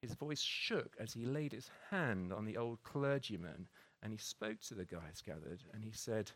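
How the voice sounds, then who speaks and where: A man's voice: fairly low pitch, normal speed, a bit bright. A man preaching a conversational sermon, full of restarts and tag questions like "isn't it?". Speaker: pastor.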